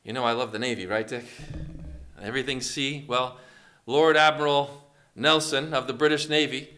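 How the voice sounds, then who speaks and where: A man's voice: medium pitch, steady tone, normal speed, sharp tone. A man preaching a sermon, asking the congregation questions and acting out quotes along the way. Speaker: pastor.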